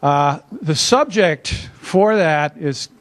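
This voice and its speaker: An older academic presents slowly at a conference room workshop, his high-leaning voice carrying lively intonation. He keeps it conversational and self-deprecating, with plenty of filler "uhs."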